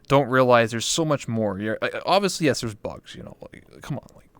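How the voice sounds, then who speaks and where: A man's voice: mid-range voice, animated, moderate pace, a bit bright, no echo. A young man hosting a casual interview chat, rambling and emphatic with lots of fillers. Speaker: talk show host.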